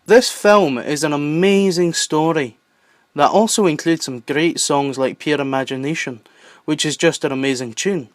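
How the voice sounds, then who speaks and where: Excitable young Southern English man. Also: on the high side, moderate pace, no echo, clean studio sound. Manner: playful, excitable asides. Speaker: YouTube host. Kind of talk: enthusiastic list-video narration.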